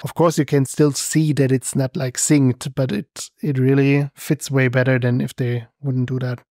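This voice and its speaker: A German man co-hosting a podcast in casual chat, calm and easygoing as he reads listener comments. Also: medium pitch, normal speed, no room sound, studio quality. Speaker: podcast co-host.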